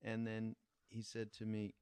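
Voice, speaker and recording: An older man hosting a podcast, telling a story in a reflective, meandering way with pauses and restarts. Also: on the low side, completely flat delivery, darkish tone, clear, resonant tone, no echo. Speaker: podcast host. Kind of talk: casual spoken storytelling.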